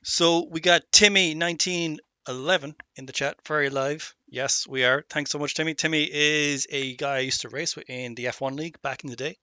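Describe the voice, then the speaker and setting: A man with a very bright, fairly high voice hosts a live sim racing broadcast from home. He keeps the banter jokey and upbeat. The sound is dry and close. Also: steady tone, a little fast, hardly any pauses, smooth, no echo. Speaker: race broadcast host. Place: home setup on a remote call.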